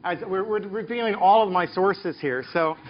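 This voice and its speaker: A man's voice: sits high, moderate pace, lo-fi sound. A middle-aged man from the American South, a professor telling stories from his career in an interview, with the rising cadences of a preacher. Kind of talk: reflective interview talk.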